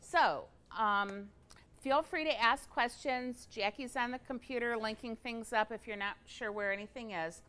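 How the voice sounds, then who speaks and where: A woman hosts a casual livestream product demo from a craft studio. Her voice is smooth and clear and sits fairly high. She talks in a chatty, enthusiastic way, with plenty of "um"s along the way. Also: a little slow, a bit bright. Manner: chatty and enthusiastic, with frequent fillers.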